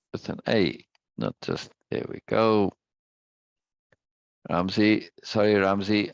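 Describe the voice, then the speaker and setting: Man hosting a live chat, lively up-and-down voice, gravelly, keeps repeating himself. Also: low voice, dry recording, lo-fi sound. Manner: rambling, repeats words, warm greetings. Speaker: livestream host. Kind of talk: casual live-stream chat.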